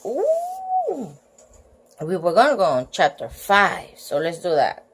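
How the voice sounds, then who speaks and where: A woman's voice: low-pitched, animated, normal speed, a bit bright. A woman reading a children's storybook aloud at home at night, giggling and breaking off with chatty asides.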